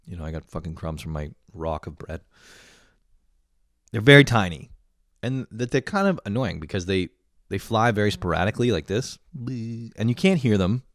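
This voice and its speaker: A man's voice: fairly low pitch, no room sound, studio quality. A man in his late twenties hosting a podcast, rambling through a casual, profane and self-mocking monologue. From Canada. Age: late 20s. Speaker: podcast host.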